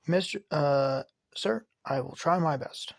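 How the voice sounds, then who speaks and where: A man's voice: fairly high pitch, slow pace, creaky, no room sound, clean studio sound, full character voice. A man voicing a servile, hesitant male robot butler who stammers. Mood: nervous.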